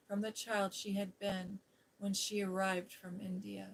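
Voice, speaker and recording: A woman host reading a classic novel aloud in a gentle, soothing ASMR style, with whispered asides. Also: medium pitch, little pitch movement, measured pace, vocal fry, slight background noise, rough recording. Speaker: storybook reader and ASMR host. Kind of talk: softly spoken ASMR story reading.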